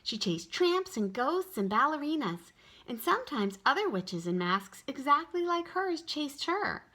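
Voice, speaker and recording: A woman tutor reading a children's storybook aloud in an expressive way. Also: high voice, unhurried. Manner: expressive, animated.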